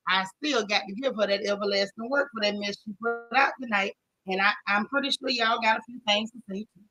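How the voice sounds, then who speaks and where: A woman's voice: medium pitch, fairly bright tone, slightly rough, no room sound, poor audio. Sassy Southern woman greeting her viewers. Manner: chatty, greets viewers one by one, sassy slang. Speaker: show recap host. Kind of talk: casual livestream chat.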